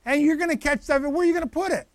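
A male pastor preaching a conversational sermon, lively and animated, with frequent asides to the congregation. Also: very high voice, dry recording.

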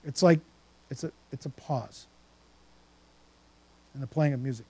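A man's voice: mid-range voice, a little slow, dark tone, breathy edge, dry recording. A man preaching a sermon, reading scripture passages aloud and then stopping to reflect on them.

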